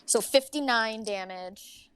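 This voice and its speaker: A woman's voice: on the high side, slow pace, a bit bright, smooth. A young woman playing in a tabletop game, talking casually with lots of "like". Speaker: player.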